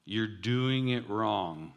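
A man's voice: lowish voice, expressive, full character voice. A man playing an indignant, protesting apostle. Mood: exasperated. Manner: exasperated, rapid objections. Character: indignant adult male apostle, bewildered and protesting.

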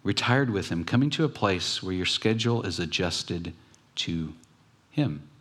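A pastor giving a conversational sermon, telling stories with pauses and restarts. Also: male voice, sits low, lively intonation, a bit bright.

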